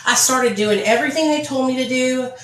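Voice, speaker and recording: A woman's voice: high voice, brisk, echoey room, rough recording. A young woman vlogger chatting candidly and swearing freely as she tells her story while doing her makeup. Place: indoor room, phone ringing.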